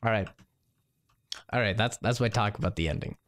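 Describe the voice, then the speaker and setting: A man's voice: fairly low pitch, a little fast. A man chatting casually on a live stream, ranting animatedly with lots of swearing and laughter. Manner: animated, profane, laughing rants.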